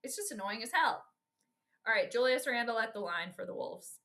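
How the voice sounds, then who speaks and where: Hosting informal live sports commentary, a woman from Minnesota talks right to her viewers and meets each play with blunt exasperation. She sounds a little high and a bit bright, animated, at a normal speed.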